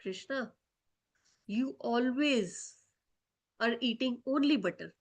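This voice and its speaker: A woman voicing a doting mother who gently coaxes and teases her little son in a storybook telling for children. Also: a little high, slow pace. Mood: coaxing. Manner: gentle, coaxing, teasing.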